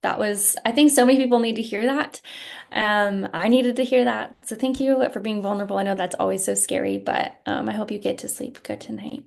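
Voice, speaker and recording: A woman hosting a group video call, warmly thanking one speaker and introducing the next. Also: mid-range voice, fairly quick, vocal fry. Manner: warm, encouraging, introduces speakers. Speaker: call host.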